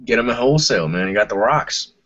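Laid-back husky-voiced podcast guy. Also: mid-range voice, lively intonation, quick pace, a bit bright. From Puerto Rico. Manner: laid-back, swearing, says "man" and "dude" a lot. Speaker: podcast co-host. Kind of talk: casual chat. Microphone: remote call. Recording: dull lo-fi audio.

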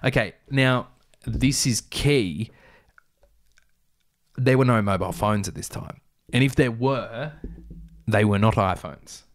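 A man's voice: mid-range voice, slow pace, pauses often. A young man reading aloud his childhood novel, breaking off for wry, joking asides. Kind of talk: casual read-aloud with asides.

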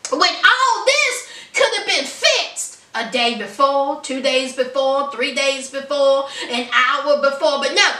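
A woman giving sassy, animated commentary as she reviews a reality TV show. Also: high-pitched. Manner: sassy, animated storytelling with laughs. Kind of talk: casual commentary. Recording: roomy, distant from the mic.

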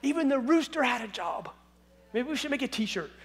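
A male pastor preaches a sermon during a church service. He retells the scripture in an animated, humorous way. His voice sits notably high for a man. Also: moderate pace.

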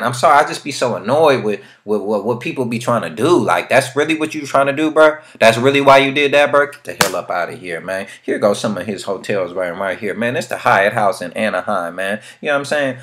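A man from the San Francisco Bay Area, with a fairly low, slightly bright voice, casually comments over a screen share of a real estate company. He's hype, loaded with street slang and preachy motivational asides.

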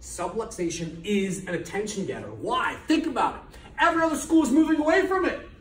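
A man's voice: high voice, expressive, a little fast. A middle-aged man, a chiropractor, giving an emphatic motivational lecture to business students, repeating key words and firing rhetorical questions. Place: lecture hall at a college. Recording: echoey hall from far off, faint noise.

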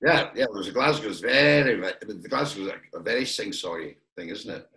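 A man's voice: on the low side, lively intonation, fairly quick, bright, forceful tone. A Scottish man from Perth, a guest actor, reminiscing in a casual chat and rambling with fillers and restarts. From Perth, Scotland. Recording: echoey room.

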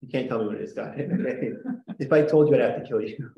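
A man's voice: mid-range voice, a little fast, roomy sound, lo-fi sound. A man teaching a classroom lesson in a chatty, joking way, often checking in with "right?". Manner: chatty, jokey, lots of "right?" and "like". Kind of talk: classroom lecture.

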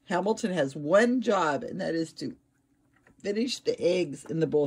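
Chatty woman filming her pets at home; husky, animated delivery. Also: lowish voice, a little slow. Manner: chatty, laughs often, talks to her pets. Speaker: pet owner filming her cats. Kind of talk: casual home vlog.

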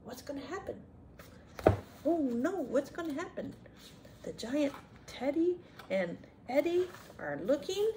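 A woman with a high-pitched, very animated voice reads a picture book aloud to children at a measured pace, against a noisy background. She often pauses to chat and ask the young listeners questions.

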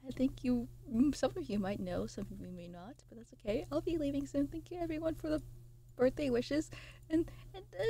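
A young woman streamer chatting casually with her viewers, reading out chat messages and swearing, excitable. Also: sits high, a little hiss or hum.

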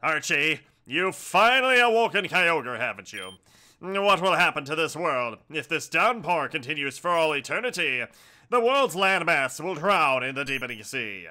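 A man voicing a calm, stern rival male villain leader in a game playthrough, measured and lecturing. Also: fairly high pitch, voice pushed down, exaggerated voice. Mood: grave.

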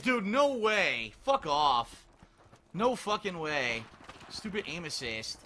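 A man's voice: on the high side, very animated, a little slow, sharp tone, slight background noise. A young man commentating his own gameplay, ranting and swearing in exasperation. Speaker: gaming commentator. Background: faint gunfire from the game.

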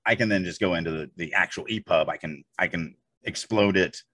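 A man's voice: low-pitched, fairly quick, fairly bright tone. A man co-hosting a podcast, chatting casually in an emphatic, rambling way full of asides. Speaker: podcast co-host. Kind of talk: casual chat.

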